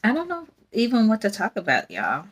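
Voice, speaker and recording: A woman's voice: medium pitch, wildly swooping pitch, brisk. A young adult woman, hosting a casual faith podcast in a rambling, candid way and laughing often. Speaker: podcast host.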